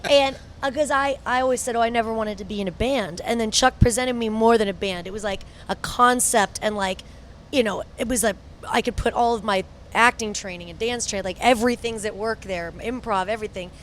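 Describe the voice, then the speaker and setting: Female singer guest, animated storyteller, high pitch, faint background hiss. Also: a little fast. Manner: lively storyteller, acts out quotes. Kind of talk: casual backstage interview. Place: backstage at a concert venue.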